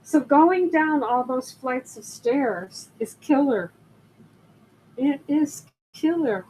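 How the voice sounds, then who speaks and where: On her jewelry live stream, an older woman tells rambling stories and welcomes viewers as they arrive, her high-pitched voice expressive and a little mellow at a slow pace. It's a chatty, casual session. The rough recording carries a little hiss or hum.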